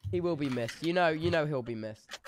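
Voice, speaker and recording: A man's voice: a little high, brisk. A man in a game role-play, joking in a playfully earnest way.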